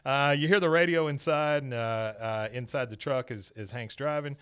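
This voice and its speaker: A man hosting a podcast, casually retelling a cartoon episode scene by scene and dropping into quick voices for the characters. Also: medium pitch, a bit bright, smooth. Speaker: podcast host recapping episodes. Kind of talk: casual recap chat.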